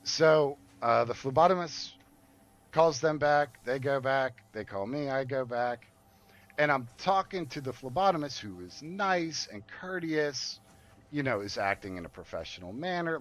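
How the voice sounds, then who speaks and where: A man of middle pitch tells a story from his own life in a casual, lively way. He swears often and speaks the lines of the people in it. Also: a little slow. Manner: animated, profane, acts out quoted dialogue. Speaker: streamer telling a story. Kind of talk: casual storytelling while gaming.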